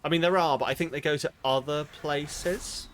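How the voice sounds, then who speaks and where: A man's voice: a little high, fairly even intonation, normal speed, fairly bright tone, a little hiss or hum. A British man streaming a game, muttering to himself, swearing and sounding exasperated. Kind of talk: casual gaming commentary.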